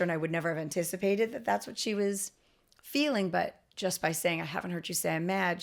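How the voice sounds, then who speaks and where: A woman's voice: on the low side, creaky. A middle-aged woman, a guest expert on a podcast interview, explaining earnestly with frequent restarts and light laughs.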